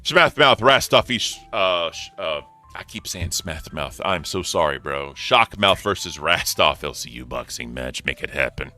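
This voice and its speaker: A man's voice: deep voice, expressive, a little slow, sharp tone, faint music behind. A man hosting a casual commentary stream, reacting loosely and swearing as he talks. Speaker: stream host.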